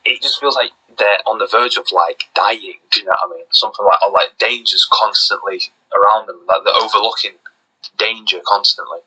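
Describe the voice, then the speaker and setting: A young man with a low, husky voice and a bright, sharp edge, co-hosting a casual podcast. He rambles enthusiastically, trailing off and asking "do you know what I mean". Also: fairly even intonation, a little fast, rough recording. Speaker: podcast co-host.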